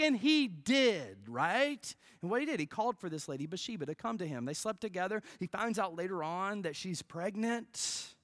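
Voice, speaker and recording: Pastor giving a sermon, conversational and dramatic, very animated pitch, dry room. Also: no room sound. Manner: dramatic, swings from loud to near-whisper; peppers phrases with "right?".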